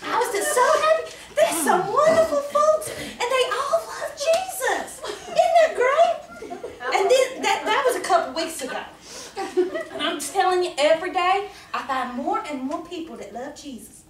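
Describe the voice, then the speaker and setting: A woman's voice: very high voice, animated, moderate pace. A woman performing a comic monologue as a naive, chatty churchgoing gossip, talking in a folksy drawl and laughing often. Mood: cheerful. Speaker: performer at a church ladies' meeting. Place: church meeting room. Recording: echoey room from far off, noisy.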